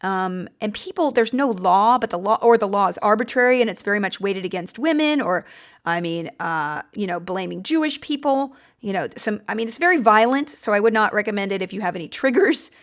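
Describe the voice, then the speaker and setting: A woman's voice: mid-range voice, expressive, fairly quick. An American woman hosting a podcast, talking casually and enthusiastically, rambling a little with fillers and restarts as she goes. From United States. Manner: chatty and enthusiastic, rambling with fillers and self-corrections. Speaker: podcast host. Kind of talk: casual book-recommendation chat.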